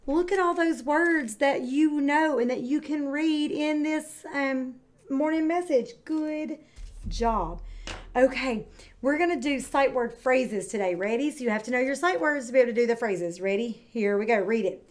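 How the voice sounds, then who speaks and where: A woman teaching kindergarten, speaking slowly and clearly with encouraging, drawn-out words for young children. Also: high voice. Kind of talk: read-aloud lesson for young children.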